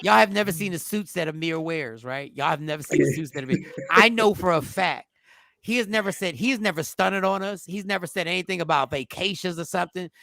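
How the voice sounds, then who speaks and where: A man hosting a podcast in casual group chat, joking, loud and teasing. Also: high voice, fairly quick, vocal fry. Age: adult. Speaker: podcast host.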